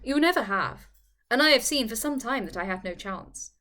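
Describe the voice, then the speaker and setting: An idle, good-natured young gentleman who drawls his words in a lackadaisical way, read by a woman. His lines come out soft and hesitant. He is kind and eager to please. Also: a little high, animated, normal speed. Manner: lackadaisical, imploring.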